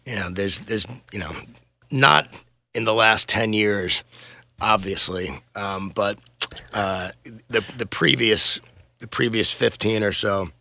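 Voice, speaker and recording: A middle-aged man telling road stories in a relaxed, rambling way, full of swearing and quick laughs. His voice sits low, gravelly and bright, recorded dry and close. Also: dry recording. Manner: laid-back, rambling, swears and laughs often. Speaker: touring musician guest. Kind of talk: casual podcast interview.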